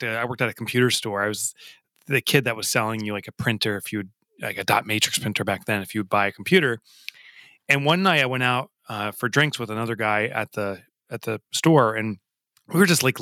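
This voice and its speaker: A man being interviewed as a guest author, telling his story in a lively, self-deprecating way and often repeating words as he starts sentences. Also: mid-range voice, dry recording. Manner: animated and self-deprecating, with frequent stammered repeats.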